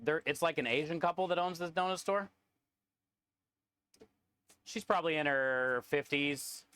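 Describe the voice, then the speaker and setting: A man in a joking, casual live-stream chat, talking with viewers as he cooks. His voice sits somewhat high for a man and sounds dry and close, with little room echo. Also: measured pace, bright, forceful tone, smooth. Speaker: streamer and food truck cook.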